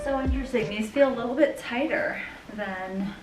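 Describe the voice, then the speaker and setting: A woman's voice: a little high, moderate pace, distant mic. Gushing young woman vlogging a haul. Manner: gushing, excitable, talks to viewers. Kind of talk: casual try-on haul chat. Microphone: camera mic at a distance. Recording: roomy, camera mic away from her, music behind.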